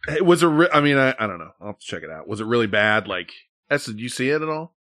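Male podcast host, loose rambling banter with a bright, lively voice. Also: mid-range voice, fast talker, no room sound, clean studio sound. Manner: laughing, rambling, swears freely. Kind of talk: casual chat.

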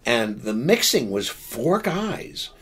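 Older man, podcast guest, husky, halting, rambling, laughing asides. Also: medium pitch, very animated, a bit bright. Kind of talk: casual storytelling.

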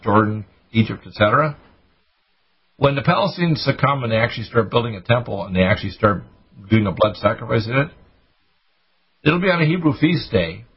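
A man hosting a radio show, ranting urgently and preachily with sudden high-pitched bursts. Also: breathy edge, dull audio. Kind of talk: impassioned radio talk.

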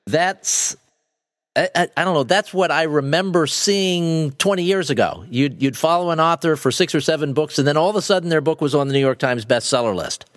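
Male host, thoughtful and a bit halting, on a dry, close studio mic. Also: a little high, no room sound. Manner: thoughtful, halting, repeats words as he thinks. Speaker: podcast host. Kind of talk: interview questions.

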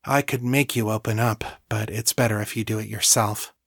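A man voicing a pregnant teenage psychic girl who speaks gravely, quietly and flatly. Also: on the low side, normal speed, dry recording, clean studio sound.

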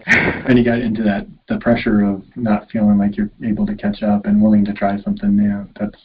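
A man's voice: lowish voice, completely flat delivery, brisk, breathy edge. A man hosting a podcast interview, asking questions and affirming his guest sympathetically. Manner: sympathetic, affirming, with easy laughs. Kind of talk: casual interview chat. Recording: slightly muffled, dull audio.

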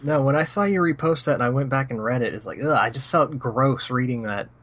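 A man's voice: medium pitch, a little fast, a bit bright. A man co-hosting a casual podcast, blunt and profane, ranting about what annoys him. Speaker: podcast co-host.

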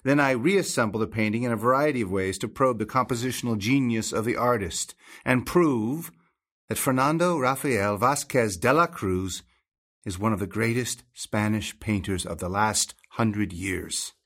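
A man's voice: on the low side, normal speed, a bit bright. An actor with an American accent playing a rumpled, arrogant assistant professor in his thirties, eager, self-assured and a little wry in a staged play reading. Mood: earnest.

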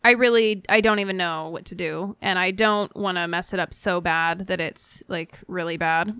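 Woman co-host, bright clean voice, dry close sound, giggly and playful. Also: fairly low pitch, normal speed, smooth, dry recording. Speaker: podcast co-host. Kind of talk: casual podcast chat. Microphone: studio mic.

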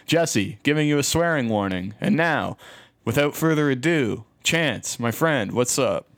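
A man's voice: medium pitch, lively intonation, a little slow, a bit bright. A Canadian man in his forties co-hosting a casual podcast, delivering opinionated political commentary. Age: 40s. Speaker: co-host.

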